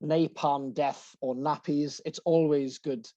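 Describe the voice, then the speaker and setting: A man's voice: a little high, fairly even intonation, slow pace, dark tone. A male podcast host speaking earnestly and steadily as he wraps up an interview. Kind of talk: interview wrap-up. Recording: dull, dry lo-fi sound.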